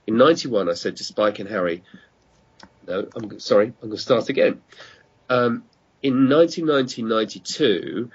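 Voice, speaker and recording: Husky, low-voiced storyteller on a call. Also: male voice, moderate pace. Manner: rambling storyteller who restarts and corrects himself. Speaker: guest, radio producer. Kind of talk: casual chat, anecdotes. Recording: muffled online call audio.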